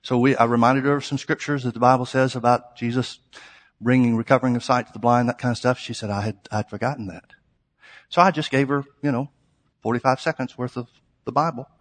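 A man's voice: mid-range voice, fairly even intonation, brisk. A man preaching a sermon, telling a story in a conversational way and then rising to emphatic exhortation. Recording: long hall reverb.

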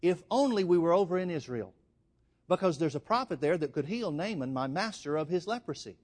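A man's voice: a little high, expressive, brisk. A man preaching voices a little servant girl speaking earnestly. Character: young servant girl, eager.

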